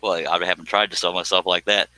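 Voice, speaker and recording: A man's voice: sits low, little pitch movement, fast talker, bright, forceful tone, no echo, low-quality recording. A man, hosting a live stream, joking and reading viewer comments aloud. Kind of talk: casual live stream chat.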